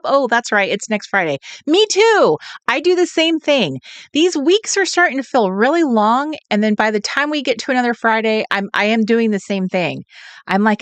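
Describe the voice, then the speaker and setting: A woman's voice: fairly high pitch, expressive, moderate pace, a bit bright, no room sound. A woman from California hosting a late-night craft livestream, chatting and greeting viewers in a giggly, sing-song way. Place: home, at night.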